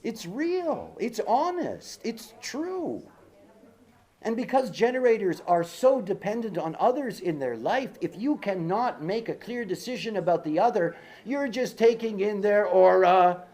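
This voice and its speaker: A man's voice: sits high, expressive, unhurried, a little mellow. Man lecturing in a rambling conversational way. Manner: rambling and conversational, with many fillers and asides; emphatic, repeats key words for stress. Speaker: speaker giving a talk. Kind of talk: informal lecture with personal anecdote.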